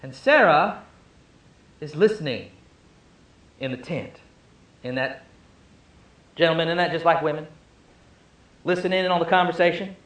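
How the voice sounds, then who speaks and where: A man's voice: on the high side, moderate pace, long pauses, a bit bright, echoey room. A male pastor preaching a sermon, telling the story with emphasis and joking asides to the congregation.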